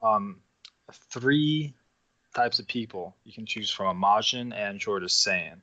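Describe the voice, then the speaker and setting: Man from the US, podcast co-host, bright and forceful tone, dry close sound, muffled mic. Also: fairly low pitch, expressive, takes it slowly, no echo. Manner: laid-back, swears casually, laughs often. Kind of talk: casual chat.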